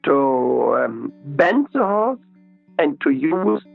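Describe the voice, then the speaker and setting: Brief: male riding expert guest, fairly high voice with heavy gravel, slow methodical explainer, dry dull lo-fi sound. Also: very animated, soft background music. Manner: slow, methodical, repeats key words. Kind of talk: interview explanation.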